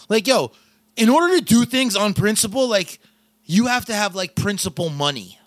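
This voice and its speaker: A man co-hosting a podcast, animated and crude, swearing freely. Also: sits high, moderate pace, dry recording. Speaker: podcast co-host. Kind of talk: casual podcast banter.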